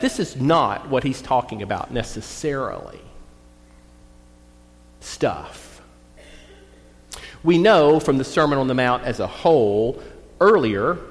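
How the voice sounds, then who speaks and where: Conversational pastor preaching in a reverberant church. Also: male voice, mid-range voice, lively intonation. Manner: conversational, folksy, reads scripture slowly. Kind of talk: sermon. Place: church sanctuary.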